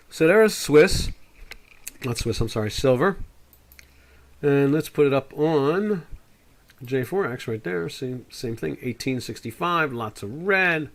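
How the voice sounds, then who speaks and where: A man's voice: mid-range voice, a bit bright. Older man rambling through market charts. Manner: rambling, opinionated, puts on quoted voices. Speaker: trading show host. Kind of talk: live market commentary chat.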